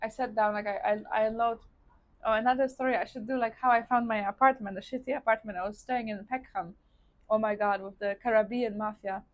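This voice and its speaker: A woman's voice: a little high, fairly even intonation, fairly quick, dull audio. Chatty Polish woman telling her story. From Poland. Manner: chatty, addresses viewers as guys, frequent likes. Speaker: vlogger. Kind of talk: personal storytelling while eating. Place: indoors, seated eating on camera.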